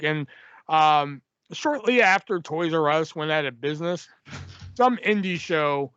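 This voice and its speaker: A young man hosts a podcast in a laid-back, foul-mouthed way and laughs often. His voice sits a bit high for a man. It is recorded dry and dull, on lo-fi sound. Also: lively intonation, normal speed, fairly bright tone, clean tone, dry recording. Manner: laid-back, swears freely, laughs a lot. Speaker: podcast host. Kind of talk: casual chat.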